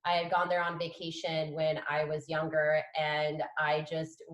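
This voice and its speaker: A woman's voice: low voice, completely flat delivery, unhurried, fairly bright tone, roomy sound, rough recording. A woman from San Diego, a guest talking enthusiastically and with laughter in casual chat. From San Diego, California.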